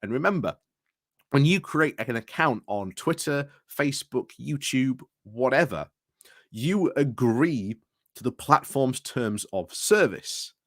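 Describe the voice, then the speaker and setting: A man's voice: medium pitch, lively intonation, slow pace, dry recording, clean studio sound. A British man hosting a casual livestream, rambling through commentary with restarts and greetings to chat, recorded indoors at home. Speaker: livestream host.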